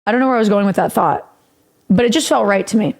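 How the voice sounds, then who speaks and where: A woman's voice: medium pitch, quick pace. A woman streamer telling a rambling story in a casual, profane way, often laughing.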